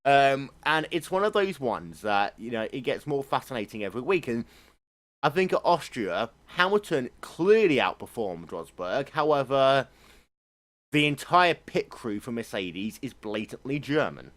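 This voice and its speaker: A man's voice: mid-range voice, sing-song, moderate pace, fairly bright tone. A man co-hosting a casual motorsport chat, rambling and opinionated, swearing freely. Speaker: motorsport show co-host.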